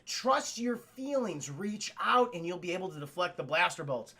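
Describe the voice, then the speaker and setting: A calm, blunt old mentor wizard who coaches his companions and swears casually, as a man plays him. His voice is gravelly and bright. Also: sits high, normal speed, exaggerated voice.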